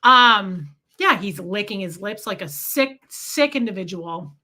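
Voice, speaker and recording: A woman's voice: medium pitch, expressive, measured pace, pushed and bright. A woman hosting a casual livestream, rambling through a story and greeting viewers as she goes. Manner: scattered, chatty, greets viewers mid-story. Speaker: livestream host.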